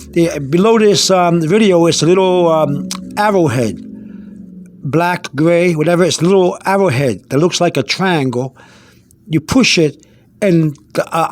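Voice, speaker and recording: A man's voice: fairly high pitch, no room sound. A man giving a casual spoken language lesson, repeating himself with many fillers and restarts. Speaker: language teacher.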